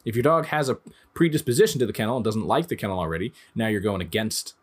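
A man's voice: fairly low pitch, quick pace. Conversational man in his thirties teaching. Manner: conversational, explains through everyday examples. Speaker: dog trainer. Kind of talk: instructional talk.

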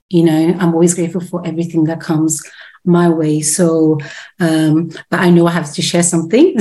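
A woman giving an excited, emotional gratitude share, repeating words for emphasis, her voice slightly quivering. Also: mid-range voice. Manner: repetitive, emphatic, laughs between phrases. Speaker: community member sharing gratitude. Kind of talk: casual heartfelt share.

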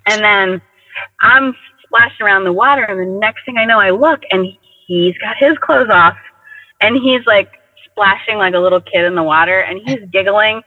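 A man with a notably high voice tells personal stories in an animated, casual way, acting out the voices of others as he goes. The sound comes through a tinny, phone-like line with a long, echoing tail and a dry edge. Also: moderate pace. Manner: animated, acts out quoted dialogue. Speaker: guest sharing personal stories. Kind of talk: casual conversational storytelling.

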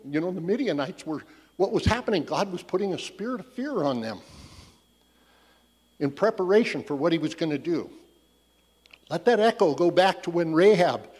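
Husky man teaching in a reverberant hall. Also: fairly high pitch, big pitch swings, moderate pace, a little mellow. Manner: casual, storytelling, thinking aloud with restarts. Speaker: Bible teacher. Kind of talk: conversational Bible teaching.

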